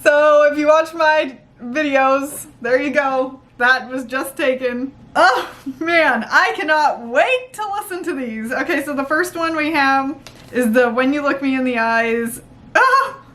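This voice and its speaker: High-voiced gushing young woman vlogger. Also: fairly bright tone. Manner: gushing, squealing, rambling with fillers. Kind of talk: excited unboxing vlog.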